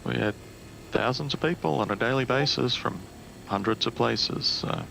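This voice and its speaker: A man chatting with gaming friends in a slow, deliberate, dry manner. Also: mid-range voice, creaky, sharp tone, a little hiss or hum. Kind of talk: casual gaming chat.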